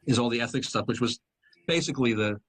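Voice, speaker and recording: Fast-talking guy in his 60s, comic swapping stories, middle pitch. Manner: quick, animated storyteller. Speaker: guest comedian. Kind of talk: casual chat, telling stories.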